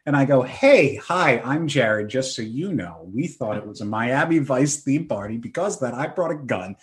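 A man's voice: medium pitch, normal speed. A man in his thirties, a podcast host, telling self-mocking stories in a casual chat. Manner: animated, self-mocking storyteller.

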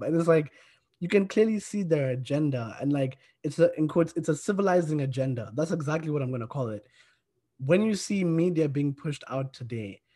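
A man hosting a casual discussion talks in a somewhat high voice. He is earnest and conversational, leaning on filler words as he works through his thoughts. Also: darkish tone.

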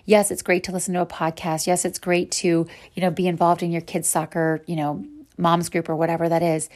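A woman's voice: lowish voice, flat delivery, a little fast, darkish tone. A woman hosting a podcast and teaching a Bible devotional, speaking in an earnest, encouraging way to her listeners as sisters.

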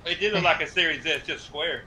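Male gamer, casual banter, high voice, noisy line. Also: fairly quick, bright, forceful tone. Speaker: gamer chatting in a group voice chat. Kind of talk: casual chat.

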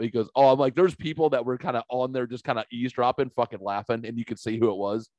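A man hosting a casual podcast, telling stories in a lively, profane way and acting out the quotes. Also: mid-range voice, rapid-fire, few pauses, no echo, lo-fi sound. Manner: animated, profane, acts out quotes. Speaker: podcast host. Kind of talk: casual storytelling chat.

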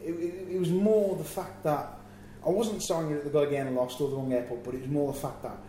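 A man telling a long travel anecdote in a relaxed chat, acting out what people said. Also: a little high, fairly quick. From England. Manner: animated storyteller, acts out quotes. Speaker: wrestler telling a road story. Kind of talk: casual anecdote. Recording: echoey room, faint ambient noise.

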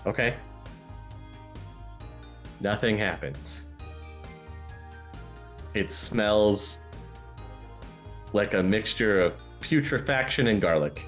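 A man narrating and refereeing a tabletop role-playing game in a relaxed way. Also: fairly low pitch, extremely slow, long pauses, faint music behind. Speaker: game master.

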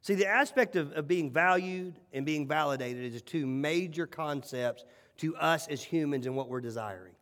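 A male pastor preaching a sermon with animated, emphatic storytelling and repeated phrases. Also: on the high side, normal speed. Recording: long hall reverb.

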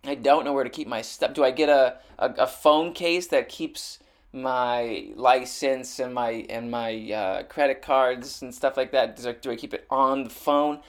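A man's voice: medium pitch, steady tone, a little slow. A young man hosting his own show, rambling sarcastically with lots of restarts and swearing. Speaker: podcast host. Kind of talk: rambling comedic rant. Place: Los Angeles.

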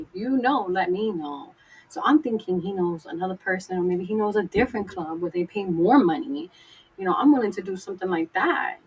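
A woman's voice: medium pitch, a little hiss or hum, rough recording. A young woman telling a personal story in a casual, rambling way, full of "like" and "you know," swearing freely and voicing her own past thoughts.

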